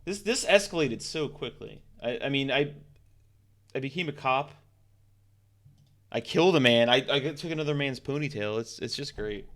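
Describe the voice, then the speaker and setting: A man's voice: medium pitch, lively intonation, normal speed, pauses often, a bit bright. A man streaming a text adventure game, chatting casually, laughing often and swearing as he thinks aloud. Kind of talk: casual let's-play commentary.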